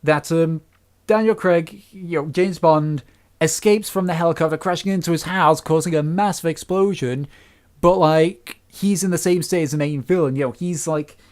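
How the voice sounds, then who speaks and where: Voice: medium pitch, moderate pace, a little mellow. Rambling casual film reviewer. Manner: rambling, many restarts, complaining.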